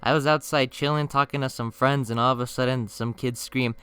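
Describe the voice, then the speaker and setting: A young man telling funny stories on his channel in a slangy, swearing casual style, with bursts of mock-outraged yelling. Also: medium pitch, fairly even intonation, a little fast, clear, resonant tone, no room sound. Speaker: storytime youtuber. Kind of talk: casual storytime narration.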